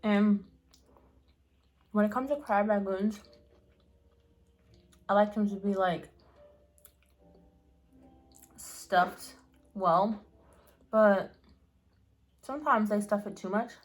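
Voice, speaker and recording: A woman's voice: mid-range voice, slow pace, pauses often. A young woman hosting a casual eating show at home, rambling and chatty with lots of fillers, talking between bites. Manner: rambling, chatty, many fillers and restarts, eats while talking. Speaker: mukbang vlogger.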